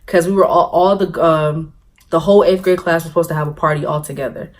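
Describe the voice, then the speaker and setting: A young woman tells a story-time vlog in a lively, animated way, laughing at her own jokes and acting out what people said. Her voice sits a little low for a woman. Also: quick pace. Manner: animated, laughing, acts out quotes. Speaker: vlogger.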